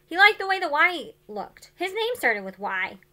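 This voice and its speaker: Rich: A woman reading aloud as a gruff older motel owner who speaks bluntly and waves things off. The voice is bright and lively despite the gruffness. Storybook reading. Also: extremely high pitch, moderate pace, pitched above the performer's own voice, full character voice.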